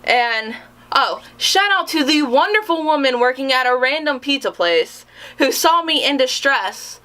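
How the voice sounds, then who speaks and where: Young female vlogger, storyteller type; bright, slightly high voice, animated, self-deprecating humor. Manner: animated, dramatic storytelling with self-mocking sarcasm. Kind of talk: storytime vlog.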